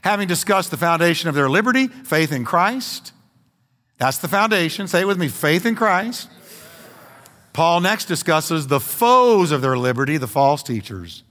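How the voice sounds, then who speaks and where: A middle-aged man preaching a sermon as pastor, animated and building to emphatic questions. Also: a little high, moderate pace, in a large hall. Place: church sanctuary.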